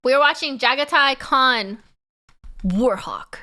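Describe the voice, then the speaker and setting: A woman livestreamer talks casually to her chat. Her voice is bright and forward and sits a little high, and she laughs between stories. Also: measured pace. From Canada. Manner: chatty, laughs often, answers chat.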